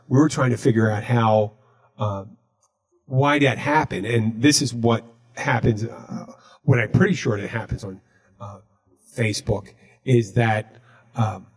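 A man hosting a podcast, telling a story in a casual, deadpan way. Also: mid-range voice, husky. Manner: deadpan, recounting jokes he told. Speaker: podcast host.

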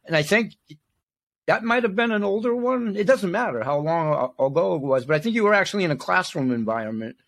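A man's voice: high voice, lively intonation, brisk, vocal fry, a bit bright. An older man hosting a podcast interview, rambling in loose chat with tangents and frequent restarts. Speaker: podcast host.

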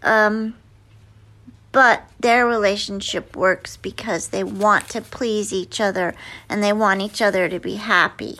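A woman's voice: mid-range voice, steady tone, a little slow, bright, forceful tone. A woman actress answering interview questions in a chatty, hesitant way with many fillers and restarts. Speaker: actress guest.

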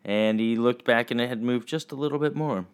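A man teaching children, telling a story in a chatty, halting way full of fillers. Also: mid-range voice, clear, resonant tone.

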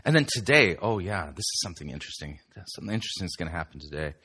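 A man's voice: low-pitched, very animated, racing, pushed and bright, slightly rough. A male pastor giving a sermon-style teaching in a chatty, emphatic way, with asides to the listener.

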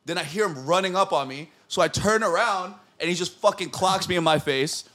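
A man telling a fight story in casual podcast chat, animated and full of swearing, acting out what people said. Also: high voice, a little fast. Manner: animated storyteller, swears a lot, acts out quotes. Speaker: podcast host.

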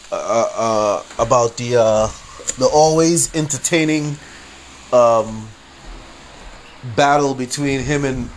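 A man hosting a casual solo podcast, rambling and laughing often, full of slang and profanity. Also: medium pitch. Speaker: podcast host. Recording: faint background noise.

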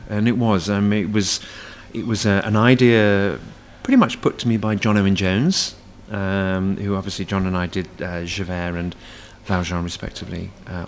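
A man's voice: lowish voice, gravelly, slight background noise. A man, a stage performer, chatting as a guest in a casual cafe interview, rambling with many fillers and restarts.

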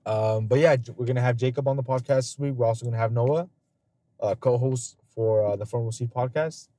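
Podcast host, male, dark mellow tone, dry close sound, swears a lot, loose storyteller. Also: medium pitch, brisk, no room sound. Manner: laughs often. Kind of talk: casual podcast chat.

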